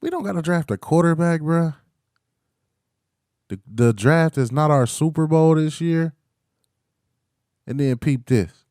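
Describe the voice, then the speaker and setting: A man's voice: medium pitch, moderate pace, pauses often, no room sound, clean studio sound. A young man hosting a casual solo sports talk, hyped and playful, trash-talking rivals and breaking into chants. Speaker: podcast host.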